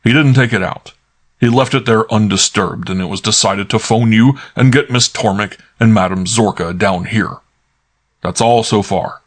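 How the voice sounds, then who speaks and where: A man's voice: lowish voice, normal speed, lightly acted. A man voicing an authoritative older male detective in an audiobook, formal and precise. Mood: commanding. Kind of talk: audiobook character voice.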